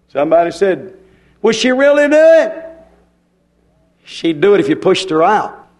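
A man preaching a fiery sermon, swinging from loud hollering to quiet, hushed stretches. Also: a little high. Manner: folksy, impassioned, swings from shouting to quiet.

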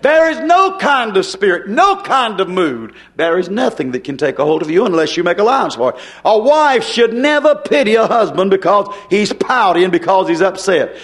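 A man's voice: high-pitched, lively intonation, moderate pace, hardly any pauses. A man preaching a sermon in a folksy, emphatic way, often turning to the congregation with rhetorical questions.

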